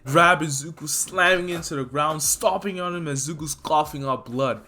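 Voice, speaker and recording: A man's voice: fairly high pitch, moderate pace, pushed and bright, slight background noise. A man telling an improvised fan story in a loose, rambling way full of fillers.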